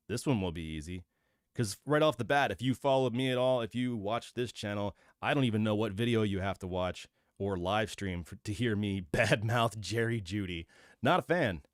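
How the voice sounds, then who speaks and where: A man talks through his opinions in a low, smooth, resonant voice. He thinks aloud in a casual solo commentary, with fillers and restarts. The sound is dry and close. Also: no room sound. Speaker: host of a football channel.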